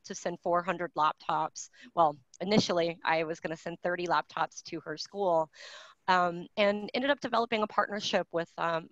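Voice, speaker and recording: A woman's voice: fairly low pitch, dry recording. Candid woman on a dull video call. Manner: candid, conversational, with frequent fillers and restarts. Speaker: keynote speaker. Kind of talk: virtual graduation address.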